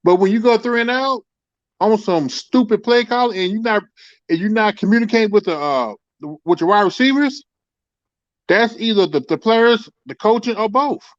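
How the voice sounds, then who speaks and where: A man's voice: sits high, normal speed, no echo, dull audio. A man calling in to a casual sports talk show, making his points emphatically and repeating words as he builds them.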